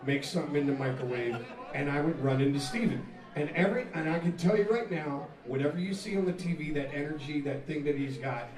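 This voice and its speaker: A man, a rock singer, telling a profane, animated story between songs at a live music venue, laughing and acting out the scene. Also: fairly high pitch. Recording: echoey live room, mic far off, loud crowd.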